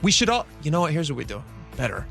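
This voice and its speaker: A man co-hosting a radio talk show, quick and wry, bantering with his partner. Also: on the high side, sing-song, gravelly, a bit bright, faint music behind. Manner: quick, wry, steers to the break. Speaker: radio co-host. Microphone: studio mic.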